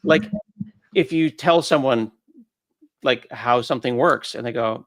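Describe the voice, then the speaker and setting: A man's voice: mid-range voice, measured pace, no echo. A man being interviewed who explains ideas casually and often acts out short quoted voices. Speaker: guest. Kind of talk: conversational interview.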